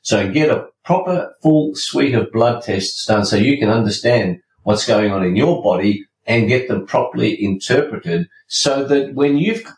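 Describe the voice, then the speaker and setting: A man's voice: mid-range voice, lively intonation, unhurried, few pauses. A man hosting a podcast, delivering a scripted monologue in an emphatic, preachy way and slipping in jokes. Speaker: podcast host. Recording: roomy, distant from mic, faint ambience.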